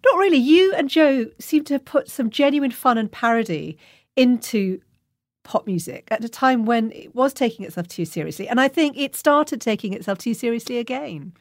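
A woman's voice: fairly high pitch, expressive, normal speed, dry recording, clean studio sound. A woman interviewing a guest, engaged and asking leading questions.

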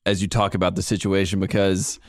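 Man, podcast co-host, joking, animated, dry sound, casual sports chat. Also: low voice, dry recording. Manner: animated, joking, quick asides.

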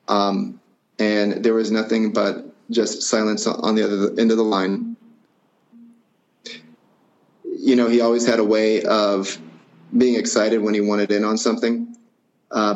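A man with a low, gravelly voice tells a personal story in an interview, pausing often and circling back with fillers and restarts. The recording sounds dull and lo-fi. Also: darkish tone. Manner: halting, reflective, many fillers and restarts. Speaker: guest.

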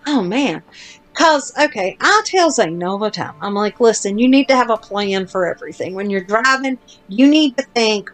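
A woman podcast host telling a long story in casual chat, blunt and self-deprecating, with casual swearing. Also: fairly high pitch.

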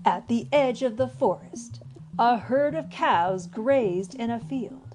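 A woman hosts a children's podcast and reads a storybook aloud. Her voice is fairly high and very lively, and she takes her time. Clear music plays behind her. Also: slow pace.

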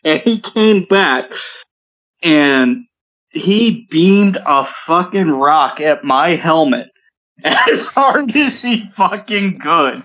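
A man's voice: fairly high pitch, sing-song, extremely slow, a bit bright. A man telling a profane, laughing story in casual podcast chat over voice chat. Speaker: podcast co-host. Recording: dull lo-fi voice chat audio.

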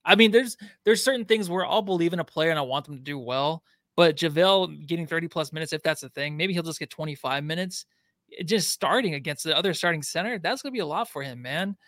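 A man's voice: fairly high pitch, fast, fairly bright tone, no echo. Easygoing man chatting sports. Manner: easygoing, laughs often. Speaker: podcast co-host. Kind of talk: casual sports talk.

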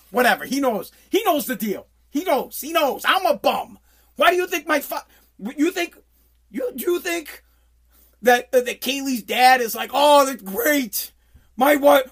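A man, ranting casually on air, blunt and profane, flaring into loud bursts. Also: extremely high pitch. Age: 40s. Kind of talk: casual rant.

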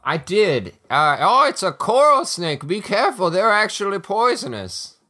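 A man at a tabletop game explains things with a bright, lively voice that rides fairly high. He speaks informatively, with small hesitations. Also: measured pace. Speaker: player. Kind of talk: casual tabletop game chat.

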